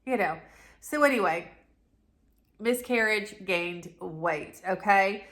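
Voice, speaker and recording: A woman's voice: mid-range voice, takes it slowly. Chatty woman telling a story. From North Carolina, USA. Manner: chatty and animated, with many restarts and asides. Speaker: lifestyle vlogger. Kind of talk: casual storytelling to camera.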